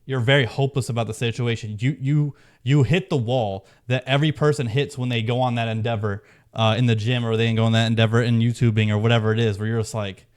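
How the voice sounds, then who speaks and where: A video host talks casually to camera in a mid-range, steady voice at a quick pace, rambling with lots of restarts and fillers.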